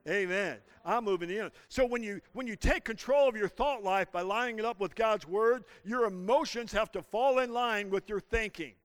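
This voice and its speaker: Male pastor mid-sermon, high and smooth voice, dry close sound. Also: moderate pace, hardly any pauses, no echo. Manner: preaching with call-and-response to the congregation. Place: church.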